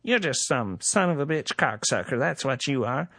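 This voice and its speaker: A man's voice: mid-range voice, lively intonation, pushed and bright, breathy edge, no room sound, studio quality, heavily acted. A man playing a brash, profane podcaster. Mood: mocking. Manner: brash, profane and quick-tempered. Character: foul-mouthed defiant male podcaster. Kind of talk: comedy sketch.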